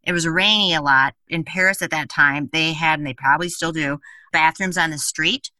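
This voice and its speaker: A woman host casually telling a funny travel story, animated and laughing, with many filler words and frequent swearing. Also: low-pitched, normal speed, no room sound, recorded from a distance.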